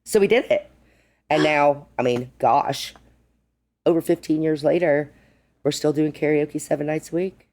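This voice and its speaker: In a podcast studio, a middle-aged woman who co-owns a bar tells casual stories crammed with quoted dialogue, speaking at a moderate pace and pausing often. Her voice is low-pitched, and she's animated, acting out the quotes and saying "like" a lot.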